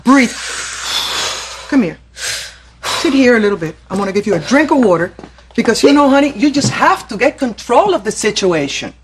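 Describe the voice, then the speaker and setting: An actress playing a calm, caring teacher. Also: female voice, fairly high pitch, noisy background, lightly acted. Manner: soothing, firm advice with a teasing streak. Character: caring, wry female teacher, middle-aged. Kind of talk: sitcom acting.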